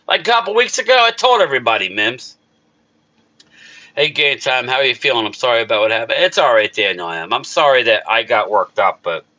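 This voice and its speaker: The middle-aged host of a YouTube sports channel speaks with a South Jersey accent in a medium-pitched, bright, forceful voice over dull audio. He runs a casual live chat, rambling and getting emotional while talking back to chat readers.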